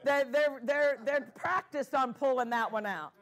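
A woman pastor preaches with a high-pitched voice. She speaks slowly and emphatically, repeating key phrases for weight. She calls for amens from the congregation. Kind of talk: sermon.

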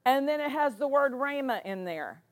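A woman's voice: sits high, animated, moderate pace. A woman pastor preaching a sermon, driving points home by repeating words for emphasis.

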